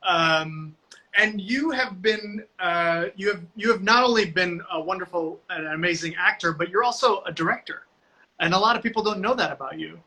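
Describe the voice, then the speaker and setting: A man's voice: high-pitched, normal speed, pushed and bright, low-quality recording. A man hosting a casual live video interview, upbeat and encouraging, often restarting his sentences. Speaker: host.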